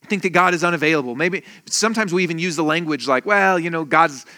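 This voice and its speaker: A man preaching a sermon as pastor, animated and joking, acting out quoted voices in his talk. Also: a little high, fast talker. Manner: animated, acts out quoted voices, jokey asides.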